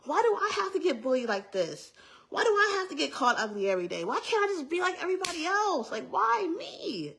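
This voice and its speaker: A woman voicing her younger self as a distraught, bullied twelve-year-old girl in a high, whining plea. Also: wildly swooping pitch, fairly quick, fairly bright tone, full character voice. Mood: pleading.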